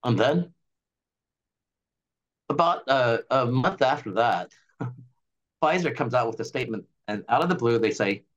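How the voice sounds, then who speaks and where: A man talking as a doctor and guest on a casual interview show, animated and ranting as he lays out his theory. His voice sits at a middle pitch and swings widely in tone. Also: measured pace, pauses often, lo-fi sound.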